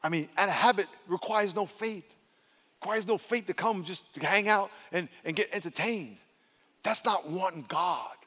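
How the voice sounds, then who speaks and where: A male pastor preaching an animated sermon in a church, calling on the congregation to answer back. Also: sits high, normal speed, breathy edge. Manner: animated, calls for congregation responses. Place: church sanctuary. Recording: long hall reverb.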